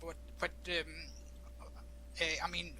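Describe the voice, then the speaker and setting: Bright-voiced hesitant man. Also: fairly high pitch, completely flat delivery, takes it slowly, a little hiss or hum. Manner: hesitant, many fillers and repeated words. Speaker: participant teacher. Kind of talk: casual online discussion.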